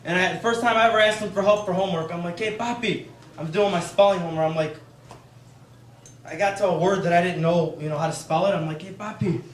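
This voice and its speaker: A man's voice: high-pitched, fairly even intonation, fast. A young man performing a stand-up comedy set, rambling loosely with lots of fillers. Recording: echoey room from far off, loud background noise.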